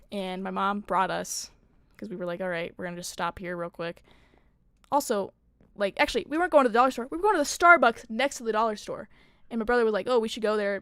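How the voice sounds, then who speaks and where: A woman's voice: mid-range voice, dry recording, clean studio sound. A young woman streaming, telling a rambling story in casual chat, full of fillers and swearing.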